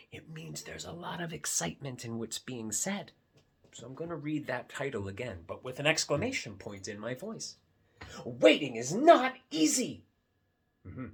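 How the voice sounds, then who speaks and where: A man reading a picture book aloud to children, gently explaining what is on each page. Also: on the high side. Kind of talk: read-aloud storytime for kids.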